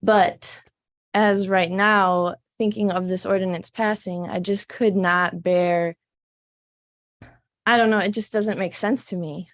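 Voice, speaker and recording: A woman giving halting, emotional personal testimony at a city council meeting. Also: medium pitch, steady tone, no echo, clean studio sound. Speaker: resident giving public comment.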